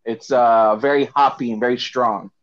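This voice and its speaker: A man with an accent chatting casually during a game, easygoing and quick to laugh at himself. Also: medium pitch, steady tone, lo-fi sound. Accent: non-local accent. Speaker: gamer. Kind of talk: casual chat while playing.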